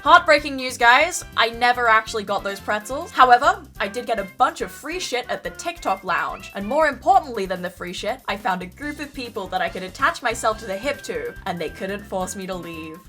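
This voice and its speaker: An Australian woman narrates her own vlog in a bright, slightly high voice. She is blunt and self-mocking and drops swears casually. Faint music plays underneath. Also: expressive, fairly quick, hardly any pauses. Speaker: vlogger narrating her trip.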